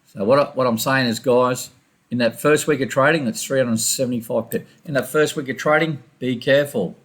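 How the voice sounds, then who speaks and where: A man talking quickly and loosely through his trading charts, with run-on sentences and restarts, as a screen-recorded voice-over. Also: medium pitch, fairly even intonation. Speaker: forex trader reviewing his trades. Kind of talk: casual chart walkthrough.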